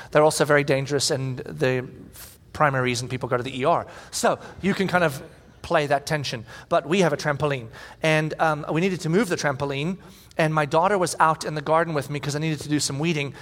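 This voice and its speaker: A pastor in his forties delivers a sermon in a high, bright voice. He tells stories with animation and shouts out the quoted lines. The sound carries a long reverb from a large church hall. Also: fast talker.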